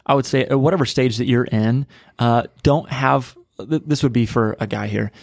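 A male pastor co-hosting a casual podcast talks through his ideas earnestly, pausing on fillers and restarts. His voice sits at an ordinary middle pitch, and it is recorded in a dry, close setting with little room sound. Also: gravelly, dry recording. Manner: earnest, conversational, frequent fillers.

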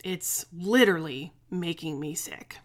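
A woman's voice: fairly low pitch, unhurried. Candid, chatty woman in her forties. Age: 40s. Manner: candid, chatty, swears freely; frustrated, venting. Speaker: podcast host. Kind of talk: casual solo podcast chat.

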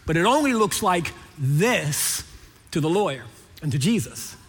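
A man's voice: a little high, a little slow, husky. A middle-aged man preaching a sermon, joking and storytelling as he acts out the voices of the people in his stories. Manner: animated, jokey, acts out quoted voices. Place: large church hall. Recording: echoey hall.

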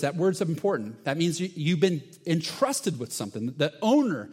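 A man preaching a sermon as a pastor, telling stories in an animated way and acting out the people in them. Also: fairly high pitch, moderate pace, hardly any pauses, breathy edge, long reverb tail. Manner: animated storytelling with acted-out voices.

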